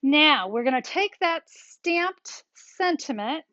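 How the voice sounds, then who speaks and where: A woman's voice: high voice, expressive, slow pace, sharp tone, no room sound, dull audio. A woman hosting a step-by-step card-making tutorial, chatty and upbeat, talking straight to her viewers as she works.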